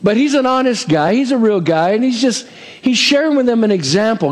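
A man's voice: very high-pitched, expressive, brisk, in a large hall. A middle-aged man preaching a sermon as pastor, chatty, with frequent "amen?" asides and playful humor. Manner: acts out quoted voices, self-deprecating humor.

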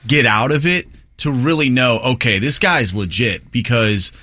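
A man's voice: mid-range voice, a little slow, bright, forceful tone, no room sound. A man co-hosting a casual baseball talk show, earnest and reflective. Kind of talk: casual sports chat.

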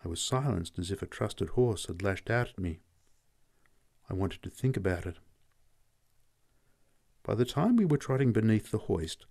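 A man narrates a story in a lowish voice. His telling is steady and reflective. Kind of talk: audiobook narration.

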